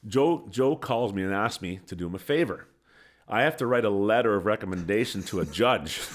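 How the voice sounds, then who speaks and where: A man's voice: on the low side, fairly quick. Middle-aged ex hockey coach guy telling a wild story on a podcast, laughing at himself, studio mic. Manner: lively anecdote teller, laughs at his own story, acts out quotes. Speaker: podcast guest, former pro hockey player and coach. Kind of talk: animated storytelling. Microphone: studio microphone.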